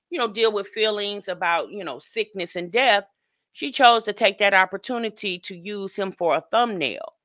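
A woman hosts a live stream with chatty, outspoken commentary and greets her viewers by name. Her voice is bright and forceful, with a lightly profane manner. The sound is dry, with no room echo. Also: mid-range voice. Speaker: host of a live reaction stream.

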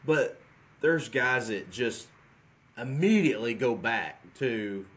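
A man in his forties, a guest on a podcast, talking frankly in a relaxed, rambling way. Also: medium pitch, takes it slowly. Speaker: guest trapshooter. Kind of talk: casual podcast chat.

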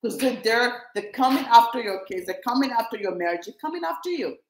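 A woman's voice: on the high side, expressive, brisk, echoey room, slight background noise, rough recording. A woman preaching to viewers, emphatic and repetitive as she exhorts them and prays over them. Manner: emphatic and repetitive, rallying listeners.

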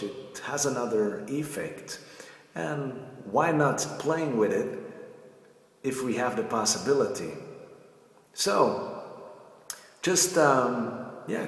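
A man from Europe giving a casual acting tutorial as an acting coach, speaking slowly and repeating phrases as he demonstrates by example. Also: mid-range voice, very animated, gravelly. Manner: slow, repetitive, demonstrates by example. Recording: very echoey room with long reverb.

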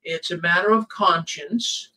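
A man's voice: sits high, a little slow, bright, forceful tone, distant mic, slight background noise, low-quality recording. A man hosting a call-in show, who talks to callers in a chatty, reassuring way.

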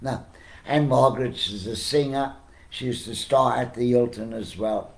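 An older man with a South African accent, telling anecdotes as a podcast guest with lively, chuckling delivery. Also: medium pitch, moderate pace. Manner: animated, chuckling storyteller who acts out quotes. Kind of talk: casual storytelling.

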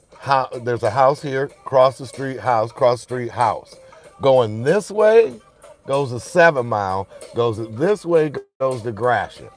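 A man, telling rough street stories in a profane, animated way, laughing often. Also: medium pitch. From Detroit, Michigan. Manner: profane, animated storyteller who laughs often and acts out shouts. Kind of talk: casual storytelling chat.

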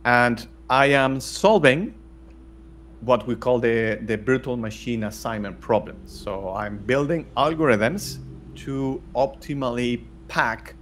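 A man's voice: medium pitch, slow, fairly bright tone, slight background noise. A middle-aged man from Spain, talking bluntly as an interview guest with many restarts. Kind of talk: casual interview talk.

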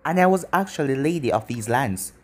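Casting: a sly, teasing demon witch with lively, swinging delivery, read by a man. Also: medium pitch, brisk, close to an everyday voice.

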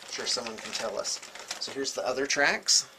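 A man hosting a casual show-and-tell vlog from his painting studio, excitable and rambling, chuckling as he goes. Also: medium pitch, moderate pace, noisy background. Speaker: host of a miniature painting studio channel.

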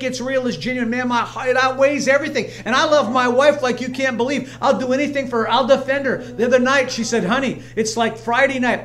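A man's voice: extremely high pitch, a bit bright. A man pastor preaching a sermon in a church, emphatic and repetitive, weaving in personal stories. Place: church sanctuary, streamed live.

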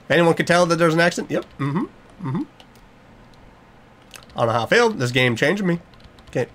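A man's voice: a little high, expressive, normal speed, fairly bright tone. A young man, giving a jokey, nervous running commentary as he plays a horror game. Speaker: gaming YouTuber.

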